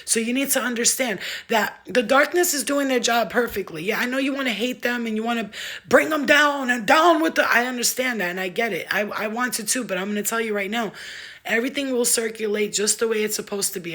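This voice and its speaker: A young woman with a slightly husky, fairly high voice chats to her camera about spirit and channeling. She laughs through her words, swears freely and leans on street slang. The talk is loose and playful, like a casual vlog. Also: brisk, a bit bright.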